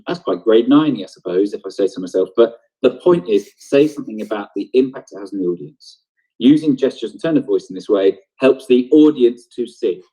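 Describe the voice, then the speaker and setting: A man teaches drama over a live stream from home, thinking aloud as he walks through each step. His voice sits low and a little husky, picked up by a computer mic. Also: dark tone, muffled recording. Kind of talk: online lesson. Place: home, on a video broadcast.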